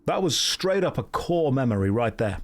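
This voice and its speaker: A man's voice: medium pitch, big pitch swings, moderate pace, faint music behind. A man in his thirties chatting casually and joking with his chat while streaming a game. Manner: joking, self-mocking storyteller reacting to chat.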